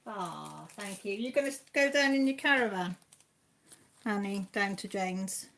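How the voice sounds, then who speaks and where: A woman's voice: medium pitch, animated, measured pace, vocal fry, fairly bright tone. Chatty Welsh woman reading out live chat. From Wales. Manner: chatty and homely, with mild swearing and British slang. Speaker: live stream host. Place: at home.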